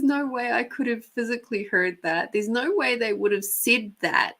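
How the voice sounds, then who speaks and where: Hosting a live intuitive reading show, an Australian woman tells stories chattily, laughing often and swearing casually now and then. Her fairly high, slightly bright voice is animated, at a moderate pace with few pauses.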